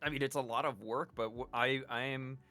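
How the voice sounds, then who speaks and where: A man's voice: medium pitch, fairly even intonation, fairly quick, sharp tone, faint music behind. A man from Chicago chatting as a podcast guest from home, rambling with restarts and laughing easily. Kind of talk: casual chat.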